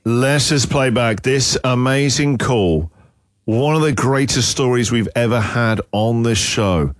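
A man's voice: mid-range voice, a little slow, no room sound, clean studio sound. Playful, teasing radio host man. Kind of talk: breakfast radio banter.

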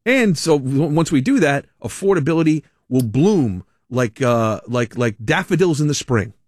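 A man's voice: a little high, expressive, normal speed, dry recording. Male radio host, sarcastic monologue, mocking tone, dry close studio sound. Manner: sarcastic, mocking, laughs often. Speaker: radio talk show host. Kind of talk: opinionated talk radio monologue.

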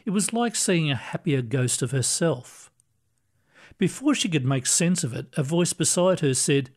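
A man reading short stories aloud in a calm, measured manner. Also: on the high side. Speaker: narrator. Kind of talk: storybook reading.

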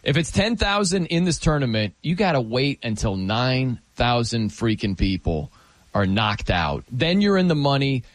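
A man hosting a casual late-night chat on a studio mic. He talks in an animated way and exclaims often. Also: medium pitch, normal speed, no echo. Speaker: radio host.

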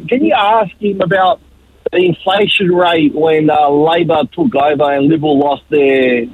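An Australian truck driver in his forties phones in to late-night radio, stumbling through fillers between jokes. The call sounds thin and tinny, and his voice is slightly husky. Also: on the high side, dry recording. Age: 40s. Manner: halting, many fillers, joking. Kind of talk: talkback call.

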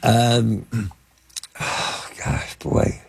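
An older man tells show-business stories in a gravelly, slightly husky voice. He stumbles through ums and false starts, circling back before landing each point. The sound is close and dry. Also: medium pitch, flat delivery, no room sound. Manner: halting, lots of fillers and restarts. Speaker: interview guest, film producer and actor. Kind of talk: anecdotal storytelling in conversation.

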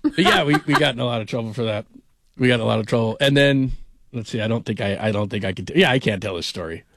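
A man's voice: mid-range voice, fast, a bit bright, no room sound, clean studio sound. A man hosting a sports radio show, talking casually, rambling and laughing often. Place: radio studio. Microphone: studio microphone.

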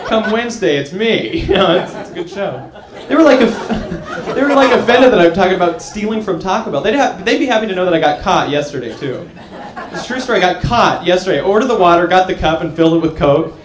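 High, lively stand-up comic in a club. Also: male voice. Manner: animated, jokey storytelling with frequent laughs. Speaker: stand-up comedian. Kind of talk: stand-up comedy set. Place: comedy club stage before a live audience. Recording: echoey club with crowd.

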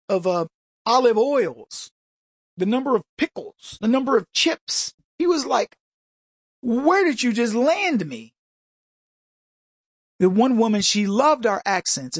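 A man hosting a talk radio show, delivering an opinionated monologue full of rhetorical questions and quick impressions of people. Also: high-pitched, slightly rough, dry recording, studio quality.

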